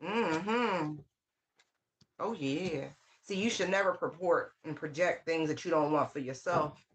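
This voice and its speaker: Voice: medium pitch, moderate pace. Sassy, scolding tarot reader. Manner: sassy, scolding call-outs with repeated phrases; slang-heavy, swears freely. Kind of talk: casual channeled tarot reading.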